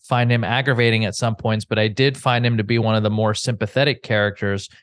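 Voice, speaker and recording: A male podcast host reading listener letters aloud, halting and hesitant over names. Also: on the low side, fairly even intonation, fairly bright tone, clean tone, no room sound, studio quality.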